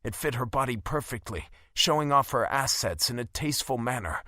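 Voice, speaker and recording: A male audiobook narrator with a bright, forward voice and a very lively pitch. He reads in first person with dramatic, emotionally charged delivery, in a dry, close recording. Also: a little fast, no room sound.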